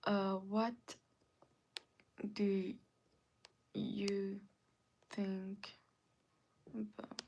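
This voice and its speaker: A woman's voice: flat delivery, drawn-out words, gravelly, pauses often, darkish tone, lo-fi sound, slight background noise. Woman ranting indignantly on a livestream. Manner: indignant, repetitive ranting with sudden rises in pitch. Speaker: livestream host. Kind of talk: casual livestream chat, reading comments aloud.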